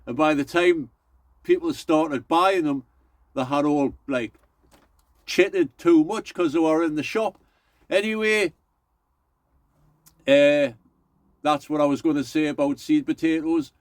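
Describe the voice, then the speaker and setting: Middle-aged vlogger, rambling and folksy, talks a touch high, dry and close. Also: male voice, a little slow, pauses often, no room sound. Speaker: allotment vlogger. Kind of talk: casual chatty vlog.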